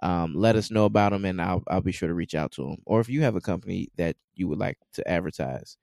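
A man co-hosting a casual podcast with a lowish voice, easygoing as he goes through announcements. The sound is close and dry. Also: fast, gravelly, a little mellow, dry recording. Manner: easygoing, handles show announcements. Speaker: podcast co-host.

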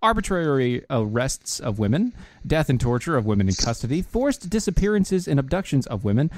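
A man co-hosting a casual commentary show, sarcastic and quick to interject, at times reading lists aloud. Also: medium pitch, very animated, darkish tone, a little hiss or hum. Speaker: podcast co-host.

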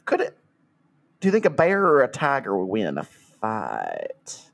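A man's voice: fairly low pitch, huge pitch swings, measured pace, creaky, fairly bright tone, full character voice. A man voicing a brash Southern redneck customer in an improvised comedy bit, with a put-on Southern accent. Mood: rambling.

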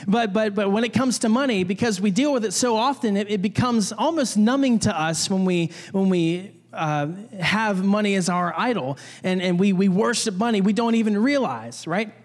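A young man with a fairly high voice preaches in a relaxed, chatty way, full of restarts and little jokes. His words ring out with a long reverb, as in a church hall. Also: moderate pace, few pauses. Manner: conversational, many restarts, jokey asides. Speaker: pastor. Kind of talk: casual sermon.

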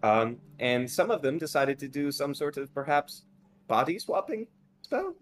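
A man's voice: medium pitch, moderate pace. A man playing a tabletop game, thinking aloud with hesitant fillers. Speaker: player. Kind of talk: casual tabletop play.

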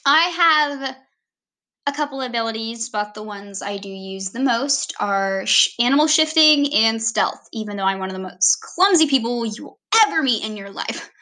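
A woman's voice: on the high side, lively intonation, moderate pace, bright, forceful tone. A woman giving a casual, rambling self-introduction on her vlog, often correcting herself mid-sentence.

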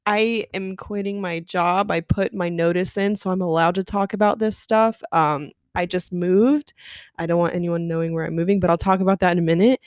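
Talking a little fast in a lowish voice, a young podcast co-host recounts work stories with animation, frequent laughter, and swearing during a casual chat. The recording is dry with clean studio sound.

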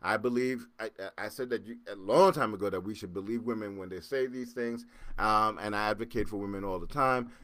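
A man hosting his podcast, telling a story casually with lively repeats and acted-out sounds. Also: lowish voice, a little fast, no room sound. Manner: animated, repeats words and acts out sounds. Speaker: podcast host.

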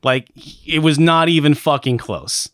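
Male podcast co-host, mid-pitched, profane and rambling, dry close mic. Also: measured pace, fairly bright tone, dry recording. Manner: rambling, profane, self-deprecating, with many restarts. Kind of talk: casual chat.

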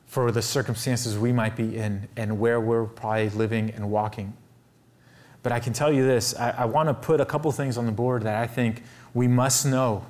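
A man preaching a sermon as pastor, earnest and urging, with his voice climbing to raised emphatic peaks and dropping low to drive a point home. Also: a little mellow. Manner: earnest, building to raised emphatic peaks, often saying "listen".

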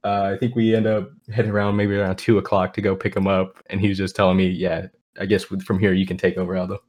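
Low-voiced man rambling through a story. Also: little pitch movement, quick pace, a little mellow. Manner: laughing, rambling storyteller with many "like" fillers. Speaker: podcast co-host. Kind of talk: casual storytelling chat.

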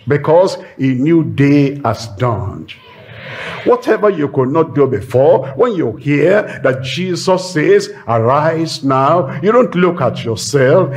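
Slow, emphatic male preacher. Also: fairly high pitch. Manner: emphatic preaching with repeated rhetorical refrains. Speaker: pastor. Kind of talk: sermon.

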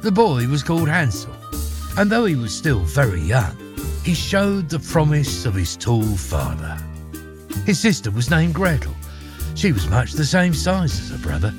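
A man narrating a fairy tale aloud in an expressive, theatrical storytelling manner. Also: mid-range voice.

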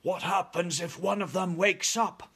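A man doing a shouting, panicky army general. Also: sits high, big pitch swings, a little slow, pitched above the performer's own voice, exaggerated voice. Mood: anxious. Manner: shouting, pompous, nervous. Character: blustering frightened male army general.

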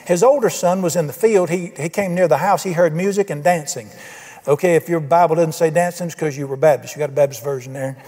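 Folksy older preacher, hall reverb. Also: male voice, fairly high pitch, a little mellow. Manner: folksy, emphatic, asks the congregation questions. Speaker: pastor. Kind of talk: sermon. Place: church sanctuary.

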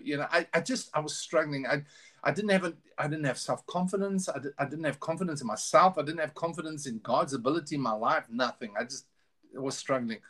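A man's voice: a little high, fast talker, a bit bright. A middle-aged man telling his story candidly in a casual interview, often restarting his sentences. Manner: earnest, candid, with many restarts. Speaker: guest.

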